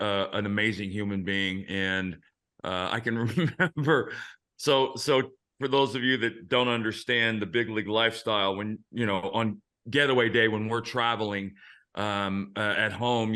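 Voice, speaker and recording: Bright-voiced storytelling male host. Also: lowish voice. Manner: frank, profane anecdotal storyteller. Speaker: host, former big-league pitcher. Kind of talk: casual storytelling chat.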